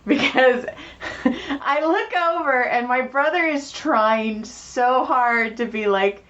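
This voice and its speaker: A woman co-hosting a podcast, telling animated stories in casual chat, often laughing and swearing. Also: sits high, slow pace. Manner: animated storytelling with laughs and profanity. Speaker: podcast co-host. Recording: dull lo-fi sound.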